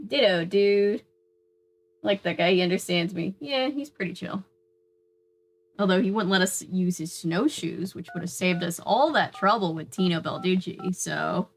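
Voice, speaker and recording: A woman's voice: on the low side, moderate pace, slight background noise. Young woman rambling casually over gameplay, jokey, offhand. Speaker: gaming YouTuber.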